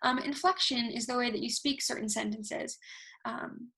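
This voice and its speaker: A young woman presenting a casual online workshop, talking fast and animated, recorded alone over a video call. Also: fairly high pitch. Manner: self-described fast talker, animated, talks with hands. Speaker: university research workshop presenter. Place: alone, recording herself at a computer. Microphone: recorded through video call software.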